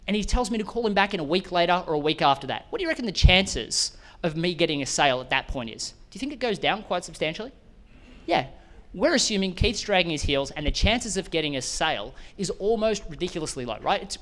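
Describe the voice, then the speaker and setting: Animated keynote speaker man. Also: high voice. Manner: animated, addresses audience members directly with questions. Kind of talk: motivational business talk.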